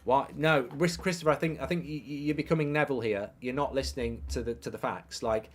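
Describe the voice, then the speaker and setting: Brash, opinionated football host. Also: male voice, mid-range voice, quick pace. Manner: brash, jokey, opinionated, swears casually. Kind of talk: live-stream football chat, reading viewer comments.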